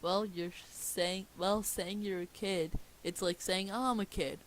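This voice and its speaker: A woman reading the lines of a friendly, dim-witted cartoon starfish in a slow, dopey manner. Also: mid-range voice, steady tone, slight background noise, natural voice.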